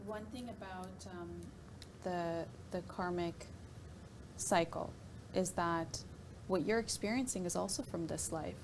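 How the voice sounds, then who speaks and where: Thoughtful woman with a gravelly edge. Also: lowish voice, unhurried, noisy background. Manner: thoughtful, explanatory, searching for words. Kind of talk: reflective talk radio discussion.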